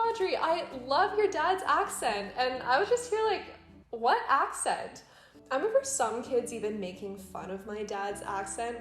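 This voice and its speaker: Chatty young woman in an echoey room. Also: on the high side. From United States. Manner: candid, chatty, laughs often. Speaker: vlogger. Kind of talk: casual vlog chat while cooking.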